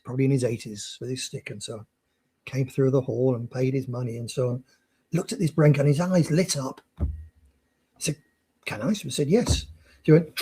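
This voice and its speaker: A man's voice: on the high side, warm tone, husky. A man telling an anecdote with many fillers and restarts, then reading a prepared text aloud. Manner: rambling storyteller with frequent restarts and fillers. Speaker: speaker presenting a project.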